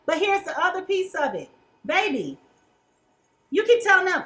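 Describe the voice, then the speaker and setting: A woman's voice: high voice, very animated, normal speed, sharp tone, poor audio. A woman giving a casual tarot reading, chatty and colloquial, who keeps checking in with "okay?". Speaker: tarot reader.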